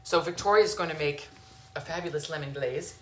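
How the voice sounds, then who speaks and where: A woman's voice: deep voice, a little fast, fairly bright tone, reverberant. A woman hosting a home cooking show, chatting casually and gushing, calling her viewers sweetheart and lovies. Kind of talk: casual cooking demo chat. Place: home kitchen.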